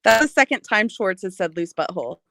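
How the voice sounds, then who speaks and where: A woman's voice: mid-range voice, expressive, fairly quick, creaky, fairly bright tone, no echo. A woman co-hosting a casual comedy chat, joking playfully and laughing a lot. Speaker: co-host.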